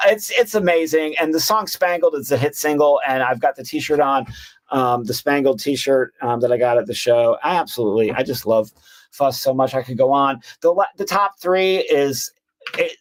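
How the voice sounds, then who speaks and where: A man's voice: a little high, moderate pace. A man on a panel, ranking his favorite albums of the year in a rambling, enthusiastic way full of ums and restarts. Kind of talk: casual roundtable chat.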